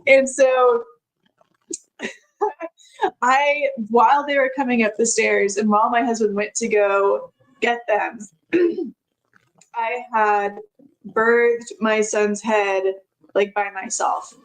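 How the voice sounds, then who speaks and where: Chatty woman, slightly high voice. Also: slow pace, long pauses, rough recording. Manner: chatty, laughs often, many filler words. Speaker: podcast guest. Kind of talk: casual personal storytelling.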